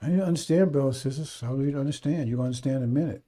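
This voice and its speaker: A man's voice: medium pitch, very fast, dark tone. A man talking on a radio stream, rambling and scolding in a folksy way, now and then mocking people in put-on voices. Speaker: radio preacher. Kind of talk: unscripted radio talk.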